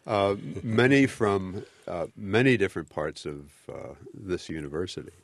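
A man with a New Jersey accent talks as a guest on a call-in radio show, pausing often with fillers. His voice sits very low and carries a gravelly fry. The studio sound is dry and close. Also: lively intonation, no room sound. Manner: hesitant, many fillers. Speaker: guest instructor.

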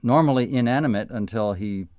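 A man hosts a radio talk show, conducting a casual on-air interview and rambling with frequent fillers and restarts. His voice is medium-pitched, brisk and a little mellow, on a dry recording with dull audio.

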